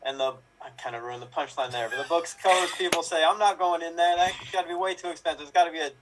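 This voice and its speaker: A man's voice: a little high, fast talker. A man in an improv game telling run-on joke setups and punchlines. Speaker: improv performer. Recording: distant mic, faint noise.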